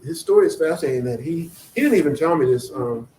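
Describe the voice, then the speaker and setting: Man, author, mellow voice, storytelling, acts out dialogue, echoey room. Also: a little high, fast. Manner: animated storyteller acting out quoted dialogue. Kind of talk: storytelling at a book event. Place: event venue. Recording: echoey room, faint noise.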